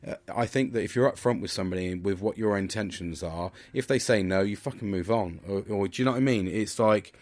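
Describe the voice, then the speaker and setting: A man's voice: lowish voice, fairly quick, few pauses, a little mellow, dry recording. A British man hosting a podcast alone, chatting casually in a rambling, sweary way with lots of restarts. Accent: British English. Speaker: podcast host. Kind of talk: casual solo monologue.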